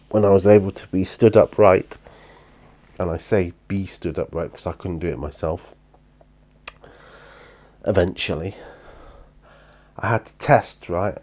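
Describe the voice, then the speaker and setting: Deep-voiced and dark in tone, a tired British hobby vlogger rambles casually from his home hobby room, full of fillers and false starts as he chats.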